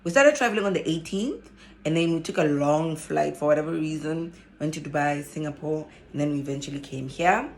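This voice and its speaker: A woman's voice: sits low, a little fast. A South African woman talking casually to camera as a vlogger, telling her story with lots of laughter. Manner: animated storyteller, laughs often. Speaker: vlogger and social worker.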